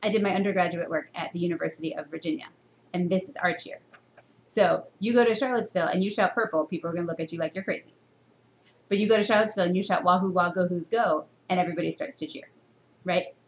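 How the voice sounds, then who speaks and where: A woman teaching a university reading course in a recorded lecture to a camera, asking her students many questions and jumping up in pitch to stress her points. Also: fast, slight background noise. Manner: teacherly, full of rhetorical questions; expressive jumps in pitch for emphasis.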